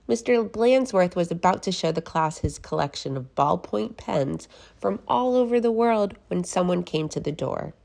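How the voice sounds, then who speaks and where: A woman reading a children's picture book aloud as a guest reader, slow and expressive. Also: on the low side, vocal fry.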